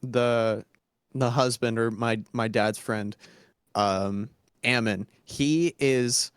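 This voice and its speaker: A young man, a podcast co-host, telling a food story in relaxed, enthusiastic casual chat. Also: mid-range voice, slow pace, smooth, dry recording, clean studio sound. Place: small podcast studio.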